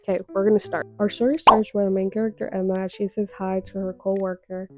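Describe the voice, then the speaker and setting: A woman's voice: mid-range voice, level tone, fast, over music. A young woman casually recapping a webtoon, chatty and full of fillers with dramatic little reactions.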